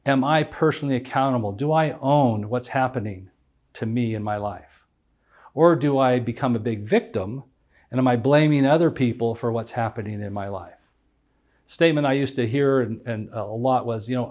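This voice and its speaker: A man's voice: medium pitch, darkish tone. Methodical middle-aged man teaching. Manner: methodical, lays out numbered points and explains each with personal stories. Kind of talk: instructional talk on emotional intelligence.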